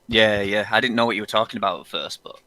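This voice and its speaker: A man of about thirty, co-hosting a podcast. His voice is low yet bright and sharp, recorded dry and close. He jokes around with plenty of swearing. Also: fairly even intonation, fast, dry recording. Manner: joking, sweary, dialect grammar. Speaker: podcast co-host. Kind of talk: casual chat.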